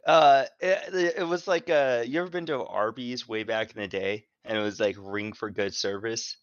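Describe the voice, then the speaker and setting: A man's voice: mid-range voice, fairly even intonation, normal speed, clear, resonant tone, no room sound, highs cut off. Rambling, profane casual podcast guy. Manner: rambling, profane, lots of fillers and restarts. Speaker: podcast co-host. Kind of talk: casual chat, storytelling.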